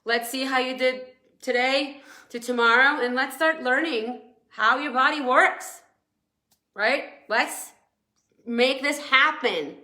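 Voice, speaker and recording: A high-voiced woman with a bright, sharp tone, talking on a casual live stream as a weight-loss coach. She rambles emotionally, sounding teary and a little hoarse from crying, and laughs often. The room around her is echoey. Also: slow. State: teary, sore throat from crying.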